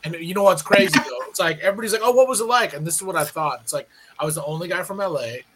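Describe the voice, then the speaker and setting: Guy hosting casual talk, kinda high voice, clear crowd noise behind. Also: very fast, poor audio. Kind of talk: casual chat.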